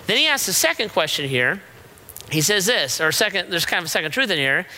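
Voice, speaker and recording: A middle-aged pastor preaches a conversational sermon in a high, bright, forceful voice that swings widely in pitch and moves a little fast. He tells stories and keeps checking in with rhetorical "right?" questions. The recording is rough.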